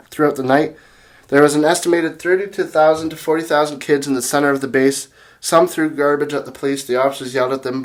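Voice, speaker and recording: A young man hosting a casual video, retelling a chaotic story in a rambling, excitable way with many restarts and fillers, reading quotes from his notes. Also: medium pitch. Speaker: music channel host.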